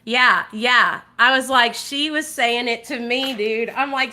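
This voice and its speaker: A woman streaming a casual chat, addressing her viewers directly and swearing freely. Her voice sits a little high and sounds bright and forceful. She talks in an animated, outspoken way. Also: a little slow. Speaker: vlogger. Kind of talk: casual livestream commentary.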